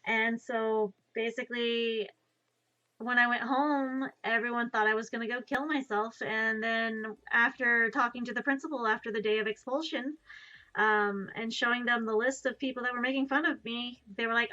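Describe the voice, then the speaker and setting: A woman's voice: fairly high pitch, fairly even intonation, normal speed, bright, forceful tone. A young woman streaming from home, chatting casually in a rambling, self-deprecating way and swearing offhand. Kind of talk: casual live-stream chat while drawing. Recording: dull lo-fi stream mic.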